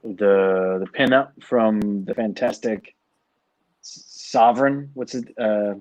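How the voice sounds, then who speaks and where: A man's voice: fairly low pitch, slow, a little mellow, no echo. A man chatting casually, enthusiastic and trailing off as he searches for words. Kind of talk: casual chat.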